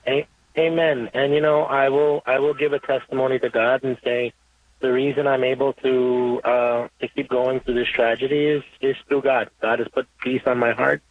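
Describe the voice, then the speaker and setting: A man calling in to a radio show, earnest and halting, often repeating himself as he speaks. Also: mid-range voice, little pitch movement. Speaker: caller. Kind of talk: emotional call-in testimony. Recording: tinny phone line.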